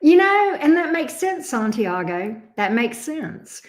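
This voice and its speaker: A woman's voice: sits high, very animated, slow pace. A woman hosting a casual livestream chat, answering viewers by name. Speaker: tarot reader hosting a livestream.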